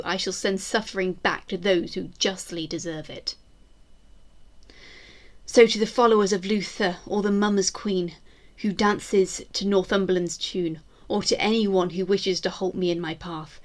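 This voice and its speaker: A woman's voice: mid-range voice, close to an everyday voice. A woman voicing a defiant, vengeful Tudor queen in grand, declamatory speeches.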